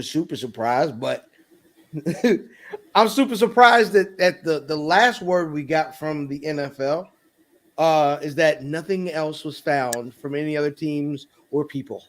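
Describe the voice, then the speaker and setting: A man with a fairly high voice trades loose, slangy sports talk on a podcast. He jokes around and laughs a lot as he chats with his co-host. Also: fairly even intonation, unhurried. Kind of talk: casual sports chat.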